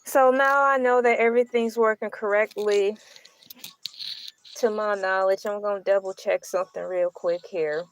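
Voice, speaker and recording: A woman's voice: medium pitch, moderate pace, slight background noise. A middle-aged woman vlogging in a casual, joking chat, often slipping into put-on voices. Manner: joking, animated, puts on voices.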